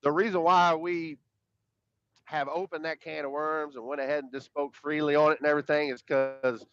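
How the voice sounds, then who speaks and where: A man co-hosts a podcast in casual, rambling chat, speaking emphatically, with profanity and frequent repetition of his words. His voice sits on the high side, a bit bright and clean, with flat delivery at a moderate pace, captured in dull, dry lo-fi sound.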